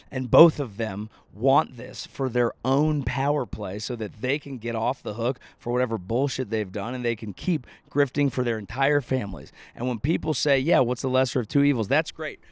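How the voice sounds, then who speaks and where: A man's voice: mid-range voice, a little mellow, dry recording. 30s guy ranting on his podcast, swears a lot, sarcastic, dry sound, outside by a lake. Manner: profane, sardonic, emphatic. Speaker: comedian podcast host. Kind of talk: comedic rant monologue. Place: outdoors by a lake.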